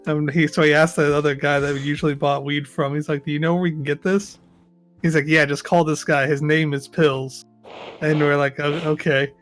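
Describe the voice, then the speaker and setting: A man with a fairly high voice spins a loose, profane story for his friends. Faint music plays underneath the chat. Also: little pitch movement, a little fast, fairly bright tone. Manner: laid-back profane storytelling. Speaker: podcast co-host. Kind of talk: casual chat among friends.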